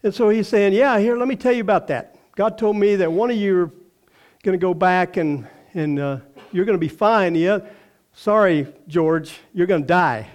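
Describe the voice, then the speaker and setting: A man's voice: high voice, normal speed. An older man with a Texan accent preaching a sermon, telling stories in a folksy way and acting out the voices he quotes. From Texas. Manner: folksy storytelling, acts out quoted voices, laughs often. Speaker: pastor.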